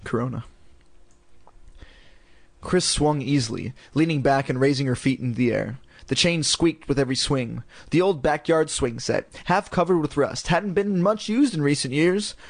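A man with a slightly high voice reads a children's story aloud in a deadpan way, slipping in crude jokes as he goes. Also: moderate pace, no echo. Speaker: narrator. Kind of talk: parody storybook reading.

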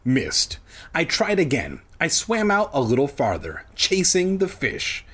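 A man's voice: fairly high pitch, wildly swooping pitch, unhurried, a bit bright, breathy edge. A man reading a kids' book aloud for laughs, breaking off into profane, self-deprecating asides.

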